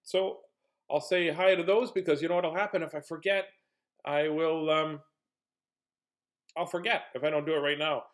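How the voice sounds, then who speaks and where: A man with a higher-pitched, steady voice hosts a casual stream where he reads books aloud to children, speaking at normal speed with long pauses. Between pages he chats playfully with the young viewers, joking and clowning around.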